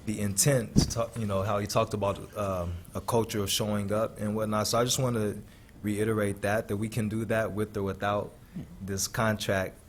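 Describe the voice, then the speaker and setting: Male board chair, lowish voice, brisk procedural talk, faint hiss. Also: level tone. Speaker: board president chairing meeting. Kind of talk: chairing a meeting. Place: school board meeting room.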